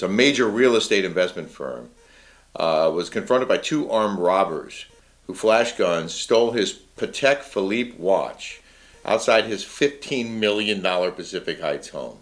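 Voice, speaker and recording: Lower-voiced man co-hosting a chat show. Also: expressive. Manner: chatty, reads text aloud in measured tone. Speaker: show co-host. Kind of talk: casual chat, reading news aloud.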